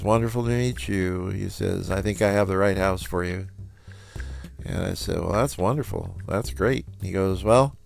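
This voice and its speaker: Male storyteller, low and gravelly, conversational, acts out the dialogue. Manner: relaxed, conversational with quoted dialogue. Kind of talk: personal storytelling.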